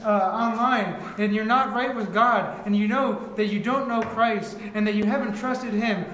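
A man's voice: high voice, normal speed, fairly bright tone. A man preaching a sermon in a church, telling the story earnestly as a pastor to his congregation. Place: church sanctuary. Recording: echoey room.

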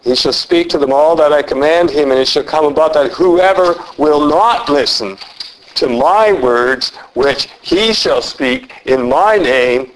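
A man preaching an expository sermon, speaking in a measured, deliberate way and slowing down for emphasis. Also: on the high side, a little hiss or hum, rough recording.

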